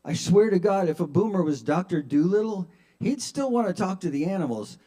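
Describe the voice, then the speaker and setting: An older man doing a self-mocking stand-up set at an open mic, shifting between mumbled asides and loud punchlines. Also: high-pitched, animated, fairly quick, few pauses. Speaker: stand-up comedian. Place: open mic at a kava bar.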